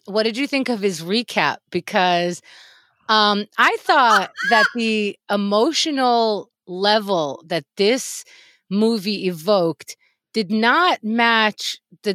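A woman co-hosting a podcast in casual chat, halting and drawn out. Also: mid-range voice, a bit bright, no echo, clean studio sound. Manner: halting, drawn-out, many restarts. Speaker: podcast co-host.

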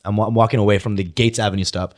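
Rapid-fire and lowish in pitch, this stand-up comic trades stories in casual podcast talk, laughing frequently and swearing a lot with animated energy.

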